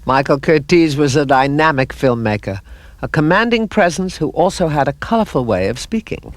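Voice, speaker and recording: A man narrating a documentary in a smooth, measured, scripted way. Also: a little high, animated.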